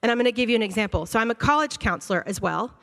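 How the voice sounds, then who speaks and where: A woman school counselor giving an animated, conversational talk to a church audience, acting out her students' reactions. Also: on the high side, rapid-fire, vocal fry. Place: church auditorium. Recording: long hall reverb.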